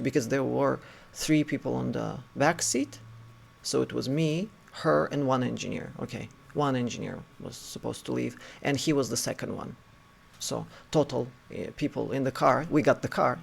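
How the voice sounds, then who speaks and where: A man's voice: medium pitch, creaky, breathy edge. A man casually telling a personal story in a rambling way, with many restarts and fillers. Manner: animated retelling with acted quotes.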